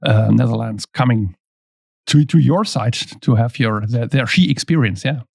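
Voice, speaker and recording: A man with a German accent hosting a podcast, speaking English as a second language in a friendly, halting way with many fillers and restarts. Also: mid-range voice, creaky, darkish tone, slightly rough, no room sound, clean studio sound. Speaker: podcast host. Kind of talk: casual interview chat.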